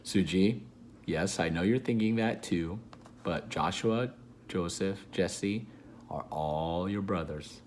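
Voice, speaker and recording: A man reading a children's book aloud, pausing to explain the pictures to a child listening. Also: sits low, darkish tone, a little hiss or hum. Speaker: storybook reader.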